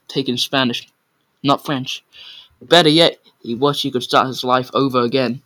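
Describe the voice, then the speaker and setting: A man reads a story aloud in a loose, unpolished way. His voice is bright and forceful. He stumbles on hard words and corrects himself as he goes. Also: medium pitch, unhurried, rough recording. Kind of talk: casual read-aloud of a story.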